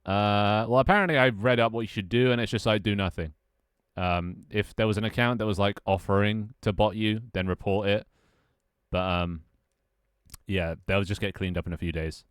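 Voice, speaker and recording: Young male streamer, lowish voice, close dry mic, rambling casual chat with viewers and friends. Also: steady tone, moderate pace, clear, resonant tone, dry recording.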